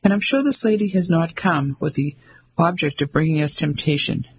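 A man reading the lines of a kindly abbot with a soft, gentle voice. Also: fairly high pitch, normal speed, close to an everyday voice.

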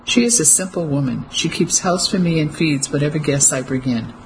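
A reader doing a quick-witted Englishman under threat. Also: medium pitch, slight background noise, natural voice, poor audio. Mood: pleading.

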